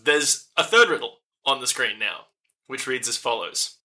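A young man running a tabletop game as game master, laughing often and reading riddles slowly. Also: mid-range voice, lively intonation, sharp tone.

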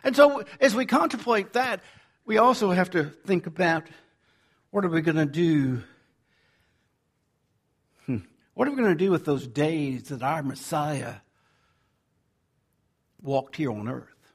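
A man preaching a sermon as pastor, swinging from loud emphasis to hushed asides. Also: fairly high pitch, a little slow, long pauses, breathy edge. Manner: animated preaching, swinging from loud to near-whisper.

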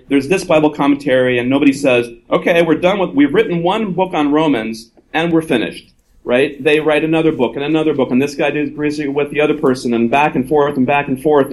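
A man's voice: medium pitch, rough recording. A man, an author speaking at a live gathering, who reasons aloud in an earnest, conversational way and often slips into quoted voices.

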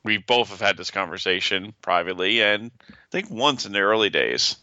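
A man co-hosts a podcast in a playful, joking way. His voice is low for a man, smooth and bright. The recording is dry and a little dull. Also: lively intonation, moderate pace, no room sound. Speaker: podcast co-host. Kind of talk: casual podcast chat.

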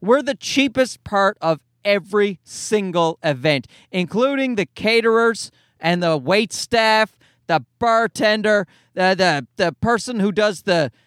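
Middle-aged Newfoundland comic, nasal and high, rambling self-mocking rant in a dry car. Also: male voice, a bit bright, smooth, no room sound. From Canada. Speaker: stand-up comedian and podcast host. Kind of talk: casual rambling monologue. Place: parked car.

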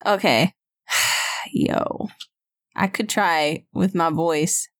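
A woman's voice: fairly low pitch, extremely slow, fairly bright tone. A woman playing a tabletop game, talking casually with lots of hesitations. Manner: hesitant, many fillers and restarts. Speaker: player.

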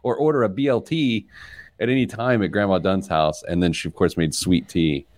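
A man's voice: low-pitched, normal speed, no echo. A man hosting a personal finance radio show, chatting casually and joking at his own expense. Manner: self-deprecating, animated and joking. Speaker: podcast host, financial planner.

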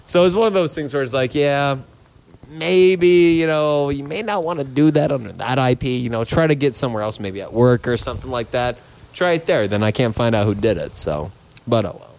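A man's voice: medium pitch, brisk, a little mellow. A man co-hosting a podcast, rambling through crude jokes with lots of fillers and laughter. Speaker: podcast co-host. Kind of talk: crude casual banter.

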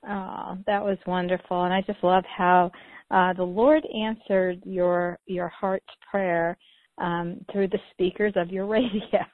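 A woman hosts a conference call in a gushing, giggly way, her slightly low voice cluttered with ums and uhs. The sound is thin and dry, like a phone line. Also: level tone, takes it slowly, dry recording. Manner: effusive and giggly, with many fillers. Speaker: host. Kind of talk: casual chat on a conference call.

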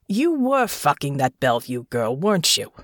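A woman voicing a gruff, weary male bear-morph army captain in an audiobook, blunt and exasperated. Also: low voice, very animated, no echo, clean studio sound. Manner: blunt, exasperated, slow drawl. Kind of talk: audiobook character voice.

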